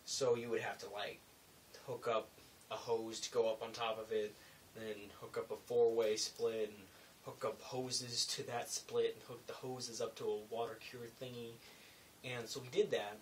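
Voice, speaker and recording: A young man tells a rambling story to camera in a casual vlog, full of asides and self-corrections. His pitch is ordinary, and he sounds a bit away from the mic. A faint hiss runs under his voice. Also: normal speed, far from the mic, low-quality recording. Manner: rambling, animated retelling with asides. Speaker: vlogger.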